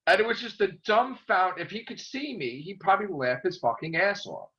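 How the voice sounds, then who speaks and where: A man's animated profane rant, lo-fi. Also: high-pitched, normal speed. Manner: profane, excitable, rambling. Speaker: YouTube vlogger. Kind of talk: casual rant to camera. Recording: dull lo-fi recording.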